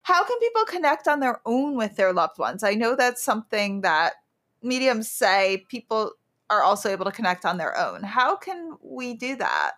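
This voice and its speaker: A woman hosts a podcast interview, putting curious questions to her guest. Her pitch moves a lot, rising and falling freely as she speaks. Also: sing-song, moderate pace, fairly bright tone. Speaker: podcast host.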